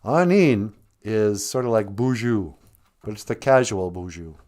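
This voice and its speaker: Joking man with lively, slow speech. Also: fairly low pitch. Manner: joking, greets viewers by name, laughs often. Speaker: live stream host teaching Ojibwe. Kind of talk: casual live stream chat.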